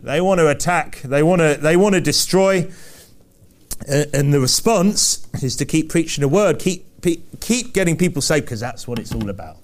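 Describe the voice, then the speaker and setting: A man with a notably high voice delivers a sermon in a forceful, repetitive cadence. He hammers his points home again and again and throws rhetorical questions out to the congregation. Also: animated, normal speed. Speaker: preacher.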